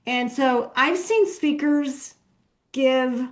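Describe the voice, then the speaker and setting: A woman's voice: high voice, takes it slowly. A woman in the audience of a seminar asks a long question and searches for her words. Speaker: audience member asking a question.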